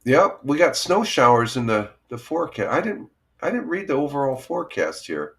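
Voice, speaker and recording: A man's voice: mid-range voice, big pitch swings, moderate pace, vocal fry, a bit bright. A middle-aged man with a cold, hosting a casual morning live stream from home, rambling with lots of fillers and small laughs. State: has a cold. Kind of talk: casual chat reading viewer comments. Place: home, by a window.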